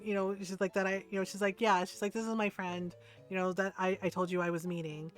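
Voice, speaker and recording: A woman's voice: medium pitch, steady tone, a little fast. A woman streamer chatting casually while gaming, rambling with lots of fillers and asking "right?" often, over faint background music.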